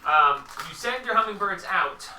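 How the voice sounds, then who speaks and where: A game master narrating a tabletop game, animated, with sound effects and the odd shout. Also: mid-range voice, normal speed, a little hiss or hum. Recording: roomy, distant mic.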